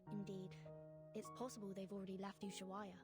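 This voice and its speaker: An actress voicing a composed young woman in a game, speaking in a polite, measured way. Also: mid-range voice, little pitch movement, music in the background, close to an everyday voice. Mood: thoughtful.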